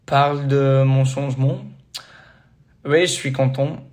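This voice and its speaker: A young man with a mid-pitched voice chats easily on a phone livestream, answering fans as he goes. He reads comments aloud and laughs often. He slips from one language to another without a pause. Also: steady tone, a little mellow. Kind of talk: casual livestream chat.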